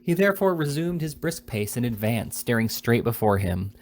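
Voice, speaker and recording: Rich: A man reads a classic novel aloud in an unhurried amateur style. He sometimes stumbles over a word and goes back to fix it. His voice sits at a middling pitch. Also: big pitch swings. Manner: slightly halting, correcting slips. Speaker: reader. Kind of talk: audiobook reading of a classic novel.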